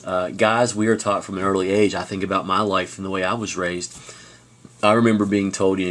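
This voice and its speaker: Low-voiced man giving a casual lecture. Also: steady tone, brisk, fairly bright tone. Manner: casual storytelling with fillers and restarts. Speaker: high school teacher. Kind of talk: classroom video lecture.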